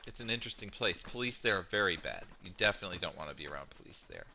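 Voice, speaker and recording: A man with a low but bright, forceful voice talks in deadpan, matter-of-fact fashion during a casual game stream. Faint noise sits under the recording. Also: racing, gravelly, rough recording. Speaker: streamer guest. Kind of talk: casual gaming chat.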